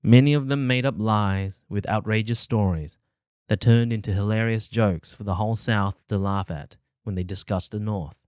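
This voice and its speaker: A male audiobook narrator with a lowish voice reads in a measured, steady way. The recording is close and dry, with no room sound. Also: clear, resonant tone, no echo.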